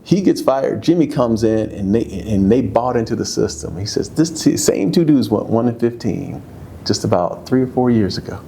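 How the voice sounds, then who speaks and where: A man in his fifties, a former football player, telling stories in a candid, casual interview, his voice jumping high when he gets excited. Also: moderate pace, gravelly, slight background noise. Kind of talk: candid conversational storytelling.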